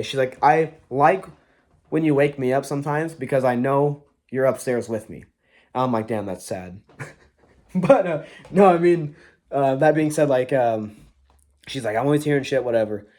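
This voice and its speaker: A man's voice: medium pitch, darkish tone. A young man telling a ghost story in a casual, profane, rambling way, often acting out what people said.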